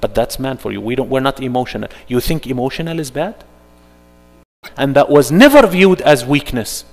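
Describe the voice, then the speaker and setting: A man teaching an interactive religious workshop, animated and firing rhetorical questions at his audience. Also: medium pitch, moderate pace, long reverb tail.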